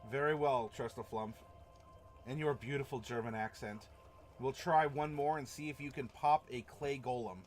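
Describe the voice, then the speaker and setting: A man's voice: mid-range voice, normal speed, soft background music. A man hosting a tabletop role-playing live stream, chatting casually and rambling with chuckles while reacting to chat. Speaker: stream host.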